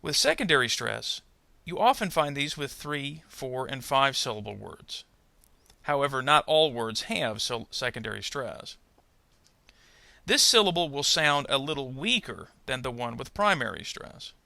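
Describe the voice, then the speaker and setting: Gravelly, bright-toned man teaching pronunciation. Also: mid-range voice, lively intonation, no room sound. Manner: measured, explanatory, careful. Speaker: adult ESL pronunciation teacher. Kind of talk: instructional narration.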